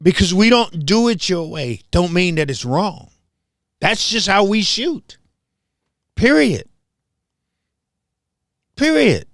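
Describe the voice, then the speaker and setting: A high-voiced man from Memphis hosts his own show, talking in a heated, confrontational monologue. His pitch swings widely as he repeats his points for emphasis. The sound is dry and close. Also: lively intonation, unhurried, fairly bright tone, no room sound. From Memphis, southern US. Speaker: host.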